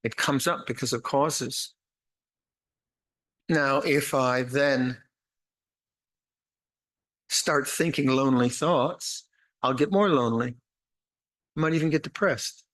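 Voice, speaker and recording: An older man, a monastic teacher, giving an unhurried, reflective dharma talk with meditation instructions, often restarting phrases and adding gentle humor. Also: medium pitch. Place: retreat meditation hall.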